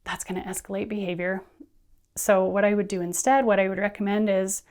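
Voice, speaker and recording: A woman teacher trainer giving friendly, brisk instructional talk, often acting out what students and teachers say. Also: mid-range voice, steady tone, a little mellow. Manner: friendly, brisk, acts out classroom quotes.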